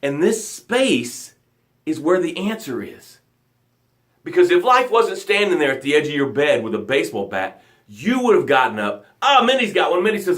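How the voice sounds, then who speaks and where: Emphatic motivational man, fairly high voice. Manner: emphatic, dramatic, energetic preaching with chanted phrases; slows down and drops to near whispers for emphasis. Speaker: motivational show host. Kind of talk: live motivational broadcast.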